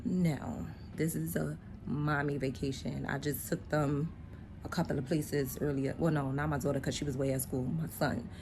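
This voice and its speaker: A woman's voice: deep voice, normal speed. A woman in her forties vlogging on her phone, talking casually and straight to her viewers as she heads out. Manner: relaxed, talks straight to viewers. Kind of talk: casual chatty vlog. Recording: loud street traffic noise.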